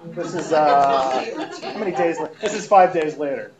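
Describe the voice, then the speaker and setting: Sarcastic high-voiced man. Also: normal speed, a little hiss or hum, low-quality recording. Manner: sarcastic, mocking, breaks into laughter. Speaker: radio host. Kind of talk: comedic live show talk, reading emails aloud.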